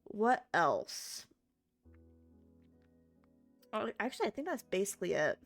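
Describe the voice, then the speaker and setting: A woman's voice: medium pitch, big pitch swings, slow, gravelly. Sleepy woman rambling to her chat while gaming, faint music behind. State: sleepy, just woke up. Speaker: streamer. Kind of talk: casual game-stream chat.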